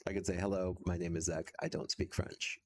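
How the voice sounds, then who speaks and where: A man's voice: low-pitched, little pitch movement, a little fast, a little hiss or hum. A man streaming casually while practicing a language, talking hesitantly with many fillers and frequent chuckles.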